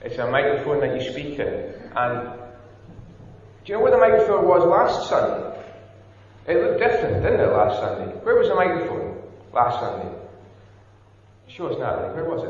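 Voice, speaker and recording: Man coaxing children in an echoey church. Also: fairly high pitch. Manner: teasing, coaxing questions to children. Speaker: minister giving a children's talk. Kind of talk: playful children's address in church. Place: large church hall. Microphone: wireless handheld mic, heard from far off. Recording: echoey church hall from far off, dull.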